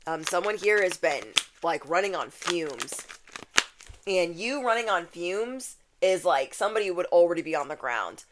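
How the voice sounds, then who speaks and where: A woman with a slightly low voice delivers a casual spiritual tarot reading straight to camera. She talks in a loose, chatty way and keeps circling back to repeat her key lines. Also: animated, moderate pace. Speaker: tarot reader.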